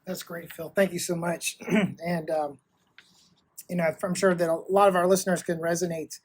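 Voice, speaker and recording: A male podcast host who thanks the guest and speaks to listeners in a measured way. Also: on the high side, flat delivery, breathy edge. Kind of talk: interview host wrap-up.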